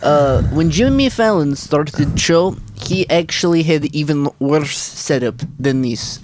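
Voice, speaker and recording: A man's voice: on the high side, expressive, a little slow, background noise. A young man playing a boastful Russian ex-mob storyteller in a mock Russian accent, rambling in broken English as a podcast co-host. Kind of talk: improvised comedy bit.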